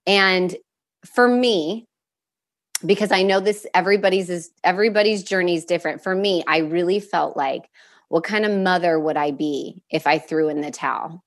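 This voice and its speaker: Earnest young woman, slightly low voice. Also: moderate pace. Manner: earnest and open, with many fillers and restarts; emotional at moments, with nervous laughs. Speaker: guest sharing a personal story. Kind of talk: candid conversational storytelling.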